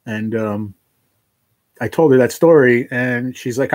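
A man talking to his livestream viewers, halting and emotional, choked up with tears of joy. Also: medium pitch, a little mellow, no room sound, low-quality recording. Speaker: livestream host.

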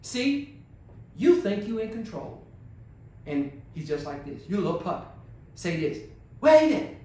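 A male pastor preaching a sermon, swinging from low murmurs to high exclamations and firing rhetorical questions at the congregation. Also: sing-song, moderate pace, darkish tone. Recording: very echoey church hall, voice far from mic.

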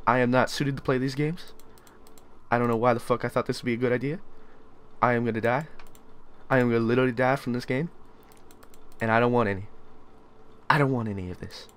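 A young man giving let's play commentary on a horror game, yelling, swearing and panicking in fright. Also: mid-range voice, fairly quick, long pauses. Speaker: gamer.

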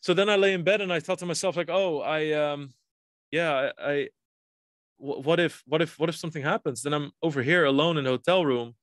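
A man's voice: on the high side, brisk, fairly bright tone, no room sound. Casting: thirties guy, podcast guest, rambly storyteller, cursing, very dry close sound. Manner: rambling, frequent restarts and swearing. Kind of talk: casual storytelling.

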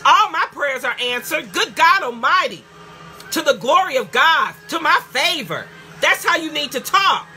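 A woman pastor preaching a fervent sermon, calling out hallelujah and rising to shouts. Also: high-pitched, very animated, normal speed, soft background music.

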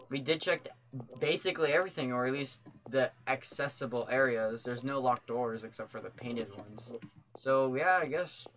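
A man gives gameplay commentary as a let's play host, chatty and easily startled into loud outbursts. His voice is bright and forward. The recording is dull and lo-fi. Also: medium pitch. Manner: jumpy, shouts when startled.

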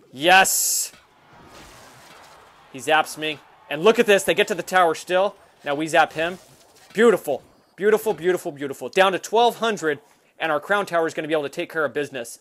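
A hyper young man hosts a gameplay video and talks through each move as it happens. His voice sits fairly high for a man and often leaps into loud bursts. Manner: excitable and hyper, quick swings into yelling. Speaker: mobile game video host. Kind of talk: live gameplay commentary.

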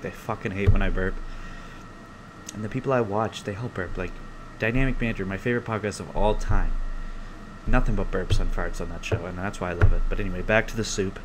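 A young man hosting his own podcast alone, rambling through stories in a casual, profane, animated way. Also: lowish voice, noisy background. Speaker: podcast host. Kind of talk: casual solo podcast rant. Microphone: close podcast mic.

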